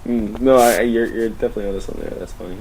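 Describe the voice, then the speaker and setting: A man's voice: on the low side, steady tone, very fast, darkish tone, a little hiss or hum, low-quality recording. A man co-hosting a casual movie podcast over an internet call, easygoing and trailing off as he talks. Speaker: podcast co-host. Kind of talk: casual chat about movies.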